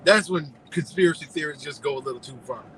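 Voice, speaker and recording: A man hosting a live stream, telling a story in a loose, profane, animated way and laughing often. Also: on the high side, fast, slight background noise, low-quality recording. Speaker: livestream host.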